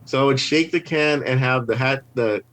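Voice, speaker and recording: A man telling stories as a podcast guest in casual chat, animated and rambling, with lots of "like" and restarts. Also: medium pitch, moderate pace. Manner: rambling, animated, heavy use of "like". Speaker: podcast guest, scare actor. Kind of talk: casual storytelling.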